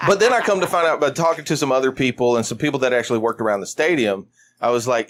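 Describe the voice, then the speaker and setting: A middle-aged man at a medium pitch hosting a podcast. He tells long, profane stories and slows down at the punchlines. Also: lively intonation. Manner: profane, drawn-out anecdotal storytelling. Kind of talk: casual podcast chat.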